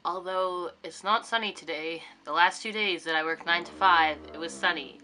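A young woman talks straight to a camera set up in her bedroom, chatty and rambling with plenty of ums and likes. Her voice sits low but sounds bright and clear, and she wanders from thought to thought. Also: moderate pace, slight background noise. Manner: chatty, rambling, full of fillers. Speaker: vlogger. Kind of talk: casual vlog chat. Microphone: camera on a tripod facing her.

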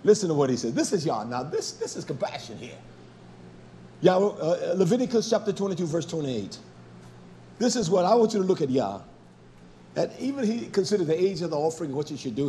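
A man delivers a fiery sermon in a high voice that leaps up and down. He is blunt and scolding, sinking to low mutters, then rising to loud, pressing peaks. A faint noise sits under the recording. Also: sing-song, a little fast. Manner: blunt, scolding, with mild cursing. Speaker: preacher.

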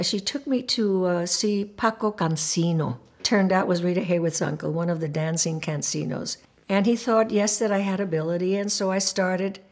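An older woman recalls her past in an animated, expressive way. She acts out the voices of the people in her stories, often breaking into laughter as she talks. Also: fairly low pitch. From Puerto Rico. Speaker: interviewee. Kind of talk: documentary interview storytelling.

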